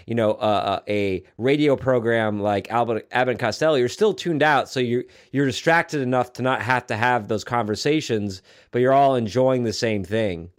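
A man's voice: mid-range voice, normal speed, hardly any pauses. A man co-hosting a podcast in casual chat, rambling with many fillers and restarts and joking along. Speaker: podcast co-host.

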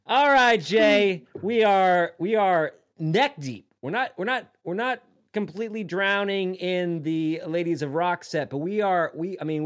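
Lively joking man podcast host. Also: sits high. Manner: animated, jokey, quick to do silly voices. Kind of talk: casual chat.

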